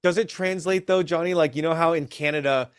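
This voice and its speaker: A man's voice: fairly high pitch, a little fast, clear, resonant tone, dry recording. Man with curious joking asides, dry sound. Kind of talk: casual chat.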